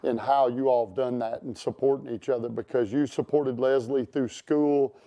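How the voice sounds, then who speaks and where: A man's voice: medium pitch, fairly even intonation, normal speed, warm tone. A man hosting a casual interview chat, rambling with many fillers and restarts. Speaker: show host.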